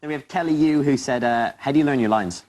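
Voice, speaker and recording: A woman co-presenting a teen show, reading out viewer questions briskly and wryly. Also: very deep voice, a loud crowd, poor audio.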